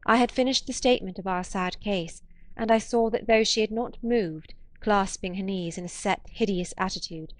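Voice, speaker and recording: A woman narrating a classic novel in a measured, expressive audiobook reading. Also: medium pitch, no echo.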